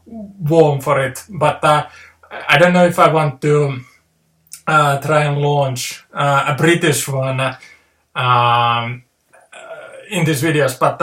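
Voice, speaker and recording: Male vlogger rambling, lots of ums, slow and a bit high, roomy echo. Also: a bit bright. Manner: hesitant, many fillers and restarts. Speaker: video host. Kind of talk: rambling casual monologue.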